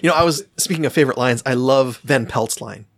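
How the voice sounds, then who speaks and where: A man hosting his podcast, chatting casually and making quick jokes. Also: mid-range voice. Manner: joking, quick asides. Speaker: podcast host. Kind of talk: casual film discussion.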